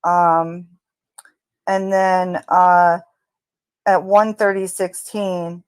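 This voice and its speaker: A woman walks through a crime recording in slow, unhurried speech, pausing and hedging with fillers as she speculates. Her voice sits a little low and is recorded dry and close. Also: level tone, clear, resonant tone, no room sound. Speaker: true crime commentator. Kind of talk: narrating audio analysis.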